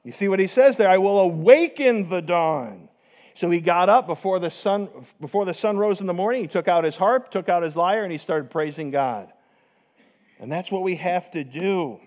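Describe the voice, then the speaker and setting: A man's voice: high voice, a little fast, a little mellow. A man preaching a sermon, emphatic, with rhetorical questions and repetition.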